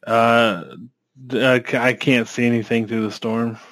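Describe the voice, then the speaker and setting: A man's voice: medium pitch, level tone, measured pace, a bit bright, dry recording. A man playing a character in a tabletop game, with dry, joking asides. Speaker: player. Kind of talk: tabletop role-play as a player.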